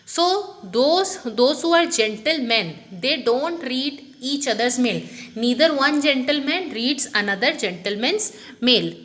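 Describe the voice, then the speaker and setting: A woman's voice: sits high, expressive, takes it slowly, fairly bright tone. A woman teaching a grammar lesson, explaining step by step and saying "okay" often. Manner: explanatory, repeats "okay" often, many restarts.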